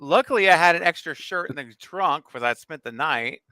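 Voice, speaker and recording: A man's voice: on the high side, normal speed, dry recording. A man in his forties on a casual livestream, telling a funny childhood story with lots of laughter. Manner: animated storyteller, laughs often. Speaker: co-host.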